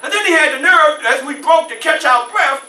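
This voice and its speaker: A male reenactor playing a formerly enslaved man who recounts his youth in an animated one-man stage show, shouting at tense moments, in a library room. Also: very high-pitched, normal speed, heavily acted. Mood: intense. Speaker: historical reenactor. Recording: roomy library room, mic far off.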